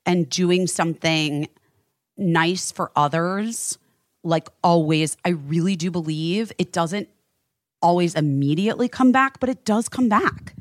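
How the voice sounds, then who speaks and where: Woman, lowish voice, candid co-host, casual chat, dry close mic. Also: unhurried, no room sound. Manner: earnest, candid, swears casually. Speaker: podcast co-host.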